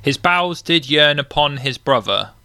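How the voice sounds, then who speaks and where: Young guy podcast host, bright dry voice, crude jokey bible reading. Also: on the high side, animated, normal speed, dry recording. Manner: crude, joking, reads verses aloud then riffs. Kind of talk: irreverent casual chat and Bible reading.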